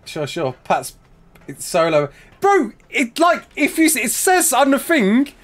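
A British man from the United Kingdom chats casually on a live stream, answering viewer questions, laughing often, and calling people mate. His very high voice has huge pitch swings, a fairly bright tone, and a slightly slow pace.

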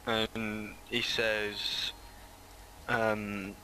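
A man's voice: medium pitch, a little slow, pushed and bright, a little hiss or hum, poor audio. A teenage boy hosting a game video, rambling through casual chat with many fillers. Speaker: let's play host.

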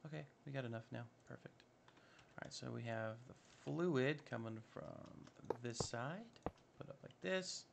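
A man's voice: medium pitch, expressive, measured pace, vocal fry, noisy background. A man giving casual, upbeat commentary while playing a modded block-building game, chatting to himself as he builds. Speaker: Minecraft modpack let's-play host.

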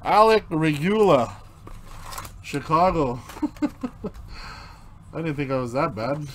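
A man with a slightly high voice hosts a live card break. He talks at an unhurried pace, calls out player names and chats with viewers, with faint noise in the background. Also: animated, fairly bright tone. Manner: reads out player names while opening packs, chatting with viewers. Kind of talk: live card-opening commentary.

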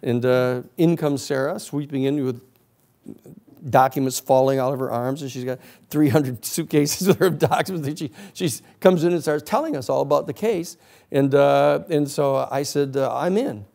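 A man's voice: medium pitch, moderate pace, vocal fry. A middle-aged man, a lawyer, giving a storytelling lecture and acting out the voices of people in his story. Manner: animated storyteller acting out quoted voices, laughing often.

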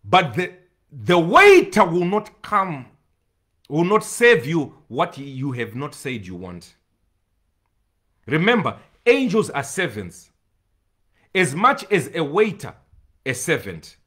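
A man's voice: fairly high pitch, very animated, slow, pauses often, fairly bright tone. A man preaching an emphatic sermon, repeating phrases and breaking into bursts of tongues.

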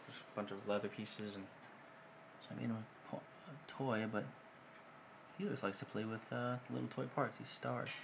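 A man casually narrating a home video of his pet bird, soft-spoken and easygoing, recorded on a handheld camera at home. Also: on the low side, steady tone, moderate pace, creaky. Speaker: pet bird owner filming his parrot. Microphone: handheld camera mic. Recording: dull, slightly muffled camera audio with faint hiss.

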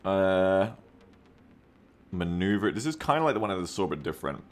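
A man's voice: deep voice, sing-song, normal speed. A man streaming a game live, chatting casually and reading viewer comments aloud. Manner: chatty, reads viewer comments aloud, often second-guesses himself mid-sentence.

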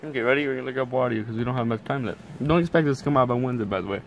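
A man's voice: mid-range voice, rapid-fire, dull audio, slight background noise. A teenage boy co-hosting a goofy casual chat, offhand and often laughing. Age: teens. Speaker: co-host.

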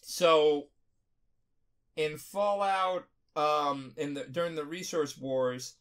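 A tipsy man talking casually on a podcast, rambling, profane and animated. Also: a little high, slow pace. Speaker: podcast host.

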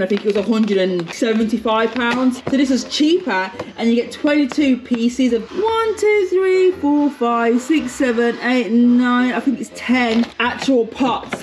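A woman's voice: on the high side, darkish tone, slight background noise, poor audio. A woman chatting enthusiastically as she shows things in a family vlog. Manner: enthusiastic, chatty show-and-tell. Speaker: vlog host, mum. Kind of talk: casual family vlog chat.

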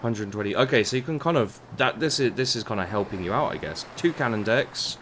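A man's voice: lowish voice, lively intonation, fairly quick, fairly bright tone, slight background noise. A man giving casual commentary while playing and reviewing a game, rambling and often tripping over and repeating his words. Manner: rambling, stumbles and repeats words, mutters asides.

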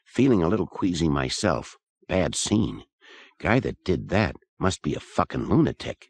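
A man doing a brash young man in a spoken horror story, with a low, deep voice. He jokes crudely and swears freely, teasing his friend in a close, dry sound. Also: big pitch swings, moderate pace, slightly rough, dry recording, heavily acted. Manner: profane, teasing. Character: crude joking young man exploring ruins.

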